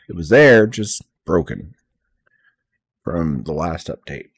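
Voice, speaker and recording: A man's voice: low voice, animated, takes it slowly, breathy edge, no room sound. A young man streaming live while coding, chatting bluntly and swearing as he restarts his sentences.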